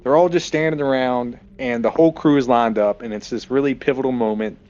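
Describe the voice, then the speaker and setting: A man's voice: medium pitch, fairly even intonation, brisk, darkish tone, clean tone, highs cut off. A man co-hosting a podcast, chatting casually and crudely about a movie and acting out lines. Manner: joking, crude, quotes scenes in put-on voices. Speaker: podcast co-host.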